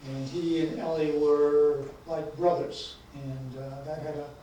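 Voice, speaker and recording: Brief: male author, mellow voice, halting with fillers, heard far off in a very echoey lecture hall with faint noise. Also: a little high, little pitch movement, dull audio. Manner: hesitant, many fillers. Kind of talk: book talk and reading.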